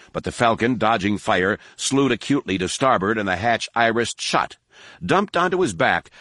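Male audiobook narrator, measured and steady, low register, dry booth sound. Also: no room sound. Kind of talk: scripted narration.

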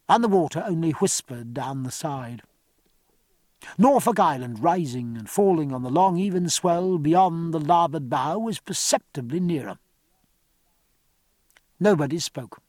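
A man's voice: fairly high pitch, no echo. Man narrating a sea story. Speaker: audiobook narrator. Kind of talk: scripted narration.

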